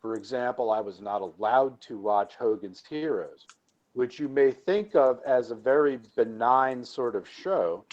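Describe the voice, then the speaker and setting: A man's voice: mid-range voice, a little slow, a little mellow, lo-fi sound. A man chatting casually on a live call, enthusiastic and prone to repeating words as he starts a thought. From United States.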